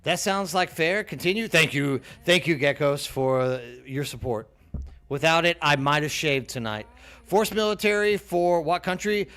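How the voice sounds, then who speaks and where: A man's voice: a little high, a bit bright. A middle-aged man from Texas, chatting casually with viewers on a game stream, friendly and full of "dude", often repeating words as he goes. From Texas, USA.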